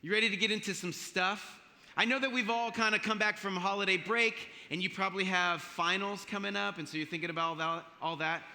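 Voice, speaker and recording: A man in his forties, brisk and sharp-toned, speaks in a high voice with fairly even intonation. As a chapel speaker at a university, he keeps things casual, joking and telling stories with a playful, self-mocking, conversational manner, all under the chapel's long hall reverb.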